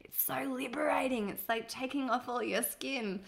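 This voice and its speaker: A cheeky woman in her thirties co-hosts a casual chat, teasing her friend and laughing easily. Her voice sits fairly high. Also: moderate pace, vocal fry. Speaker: podcast co-host.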